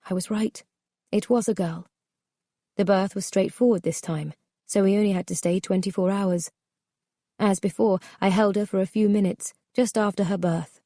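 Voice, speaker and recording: A woman narrating a memoir audiobook in a measured, subdued, somber way. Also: medium pitch, mellow, no room sound, clean studio sound.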